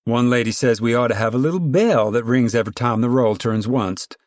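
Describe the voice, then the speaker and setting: A man voices a stern, bossy middle-aged woman who chairs a camp committee, speaking in a rural drawl. His mid-range voice, pitched above his own yet natural, is a little fast, in clean studio sound with no room sound.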